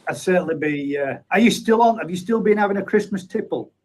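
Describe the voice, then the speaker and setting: A man hosts a relaxed live chat and reads out viewer comments. His speaking voice sits fairly high for a man. He keeps up an easy, bantering flow with his guests. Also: fast talker, poor audio. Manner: chatty, banters and reads names aloud. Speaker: host of a live pond chat stream.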